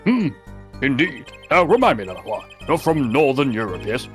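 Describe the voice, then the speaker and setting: A man's voice: medium pitch, sing-song, normal speed, a bit bright, faint music behind. A man voicing a fussy, easily distracted old judge in a fan game dub, ponderous and a bit dithering. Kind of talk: casual fan voice-over of a game.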